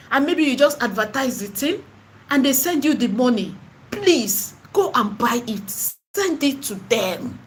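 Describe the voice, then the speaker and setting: A woman with a Nigerian accent gives an impassioned preaching monologue in her vlog. She is emphatic and repetitive and slips into Pidgin and Igbo phrases. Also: high voice. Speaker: online seller and spiritual vlogger.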